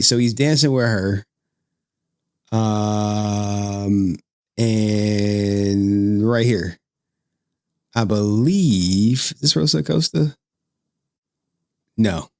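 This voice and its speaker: A man's voice: on the low side, a little mellow, no echo, studio quality. A man hosting a clip channel, giving rambling, slangy commentary over an interview. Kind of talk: casual commentary.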